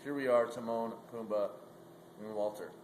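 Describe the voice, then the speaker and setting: A man's voice: medium pitch, fairly even intonation, moderate pace, a little mellow, a little hiss or hum, close to an everyday voice. A man voicing a chatty, helpful male meerkat who talks politely and offhand. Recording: roomy echo.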